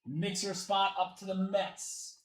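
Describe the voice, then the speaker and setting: With faint music behind him in an echoey room, a man hosts a live sports card break, chatting loosely and calling out names and teams. His voice is high and steady, and he speaks slowly.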